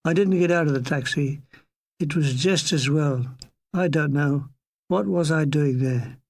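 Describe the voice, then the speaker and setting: Older male narrator, slow and gravelly, dry deadpan delivery of a comic memoir. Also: on the high side. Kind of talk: reading a comic memoir aloud.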